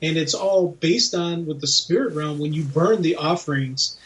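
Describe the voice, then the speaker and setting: A man's voice: a little high, moderate pace, far from the mic, low-quality recording. A man co-hosting a comics podcast, speaking animatedly and filling his talk with "you know". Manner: animated, acts out voices when retelling scenes. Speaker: podcast co-host. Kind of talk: casual chat.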